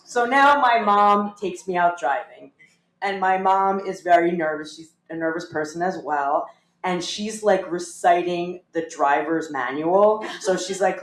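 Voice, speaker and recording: A woman telling a funny personal story on stage, animated and self-mocking. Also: fairly low pitch, normal speed. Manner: animated, self-mocking, acts out voices of family. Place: small theater with live audience. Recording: roomy live theater sound.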